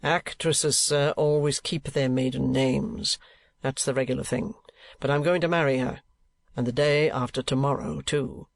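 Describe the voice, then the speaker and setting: A man voicing a pompous, penny-pinching older male rate collector, slow and fussy in his talk. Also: mid-range voice, steady tone, vocal fry, no room sound, natural voice.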